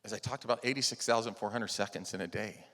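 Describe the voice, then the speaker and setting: A man giving a motivational conference talk, telling a personal story earnestly, rising to loud emphasis and dropping to soft, hushed lines. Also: lowish voice, steady tone, fast. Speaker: conference speaker. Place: large event hall. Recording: long hall reverb.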